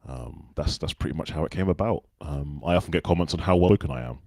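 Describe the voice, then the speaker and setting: A man's voice: extremely low pitch, fast, vocal fry, no room sound. A man from the UK with a well-spoken Southern English accent, telling stories as a guest in a casual interview. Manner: relaxed anecdotal storytelling.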